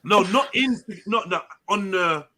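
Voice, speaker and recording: A man's voice: high voice, expressive, unhurried, pushed and bright. A man hosting a live online panel, brash and teasing, swearing freely in casual banter. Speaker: panel host.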